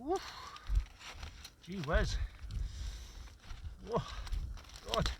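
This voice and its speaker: A man's voice: high voice, very slow, very noisy. A Scottish man chatting casually to camera as an outdoor vlogger, savoring a brew outdoors on a cold, windswept hilltop. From Scotland. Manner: relaxed, chatty, savoring each moment. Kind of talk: casual outdoor vlog narration.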